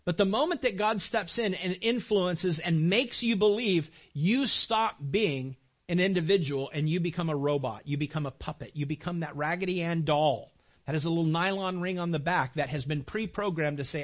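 A middle-aged man with a fairly high voice preaches a sermon in a church sanctuary. He is animated and emotional. He drives his points home by repeating phrases. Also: brisk. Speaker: pastor.

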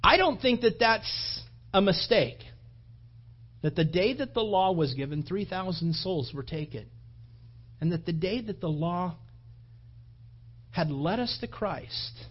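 A man preaching a sermon, telling a personal story in an animated way and acting out his own thoughts. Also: sits high, unhurried, pauses often, breathy edge, muffled recording. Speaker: pastor.

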